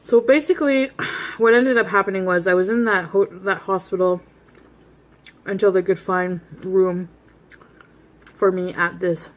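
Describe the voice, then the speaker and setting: Woman vlogger, 30s, casual story time while snacking, blunt and self-mocking, middle pitch. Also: steady tone, measured pace, pauses often. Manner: blunt, rambling, laughs at herself; eating while talking.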